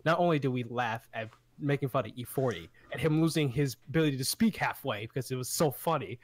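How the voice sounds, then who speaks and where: A young man co-hosting a podcast, telling a story in a casual, excitable way and often breaking into laughter. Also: medium pitch, fast. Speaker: podcast co-host. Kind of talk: casual chat.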